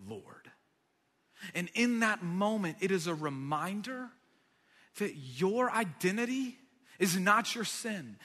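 High-voiced man preaching in a reverberant hall. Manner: energetic, emphatic, climbing to loud declarations. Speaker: pastor. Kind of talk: sermon. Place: church sanctuary.

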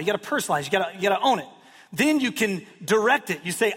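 A man's voice: high voice, lively intonation, fast talker, a bit bright, breathy edge. A pastor in his thirties preaching a sermon in a conversational way, with self-deprecating humor and quotes he acts out. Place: church sanctuary. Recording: long hall reverb.

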